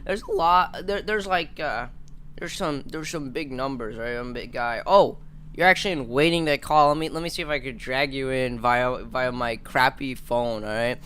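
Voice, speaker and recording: A man's voice: medium pitch, normal speed, fairly bright tone, a little hiss or hum. A man in his twenties hosting a live stream, rambling and stammering through casual jokes. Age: 20s. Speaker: livestream host.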